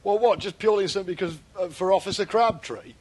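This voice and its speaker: Man, high-pitched, deadpan, comic chat co-host, mock French bits. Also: quick pace. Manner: deadpan, puts on silly French accents. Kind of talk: comedic banter.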